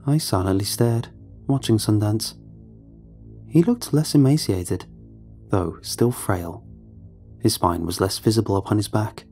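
A man giving a measured, somber scripted horror narration. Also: on the low side, dark tone, soft background music.

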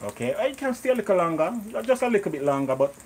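A Jamaican-accented man hosts a live cooking stream from his home kitchen, chatting and greeting viewers by name. His voice is high-pitched and very animated, he talks quickly, and crowd noise can be heard.

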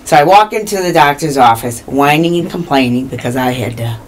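A woman in her fifties from Iowa, guest on a community TV talk show, telling her story in a lively way with acted-out quotes. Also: extremely low pitch, fairly quick. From Iowa, US Midwest. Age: 50s. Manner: animated, acts out quoted dialogue. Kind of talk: casual interview storytelling.

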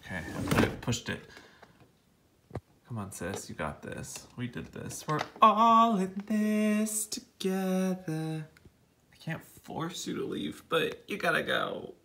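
A young man talking casually and dramatically to a trapped wasp, swinging between hushed whispers and loud exasperated outbursts. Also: mid-range voice, big pitch swings, a little slow, gravelly, slight background noise. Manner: dramatic, exasperated, slangy, drops to whispers and bursts into loud outcries. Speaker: vlogger.

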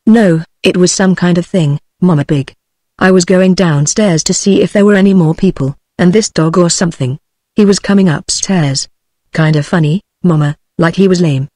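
British synthetic woman reading a frightened little girl, flat. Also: fairly low pitch, moderate pace, no room sound, clean studio sound, close to an everyday voice. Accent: British English. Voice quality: flat machine read, no character voice. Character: frightened eleven-year-old girl. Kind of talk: synthetic audiobook dialogue.

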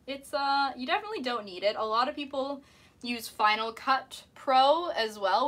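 Young woman, mermaid streamer, bright tense tone, chatty, giggly, casual stream talk. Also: a little high. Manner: chatty and giggly, answering chat while painting nails. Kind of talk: casual live-stream chat.

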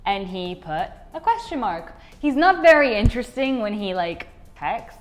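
A woman's voice: mid-range voice, sing-song, normal speed, slight background noise. A young woman vlogging in a chatty, rambling way, often mocking herself. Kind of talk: casual vlog chat.

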